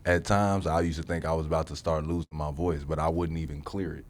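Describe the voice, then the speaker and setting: A man co-hosting a podcast, talking in an animated, slangy, joking way. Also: rumbling low, fast talker. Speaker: podcast co-host. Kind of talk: casual podcast conversation.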